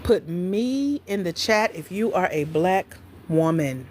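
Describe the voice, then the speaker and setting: Lively, chatty woman livestream host. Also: on the low side, takes it slowly, slight background noise. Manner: chatty, playful, talks straight to viewers. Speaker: livestream host, grants coach. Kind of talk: casual livestream chat.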